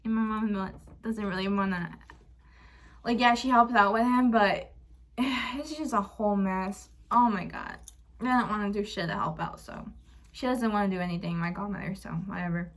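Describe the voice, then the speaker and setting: A young woman talks straight to her viewers in a candid, personal vlog, retelling a hard family ordeal. Her voice sits at a middle pitch. She sounds frank and emotional, acts out arguments with "I'm like" and lets a curse slip now and then. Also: moderate pace. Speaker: vlogger. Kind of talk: candid personal storytelling to camera.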